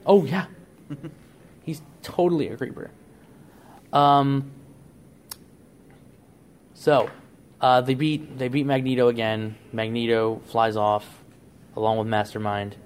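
A man's voice: mid-range voice, steady tone, takes it slowly, pauses often, slight background noise. A man on a podcast, casually laying out a plot idea in a rambling way. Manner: rambling storyteller, frequent restarts and "like". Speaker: podcast co-host.

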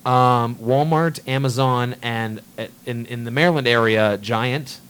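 A man's voice: mid-range voice, a little slow, a bit bright, slight background noise. A man hosting a casual movie chat, ranting bluntly and swearing freely. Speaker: podcast host.

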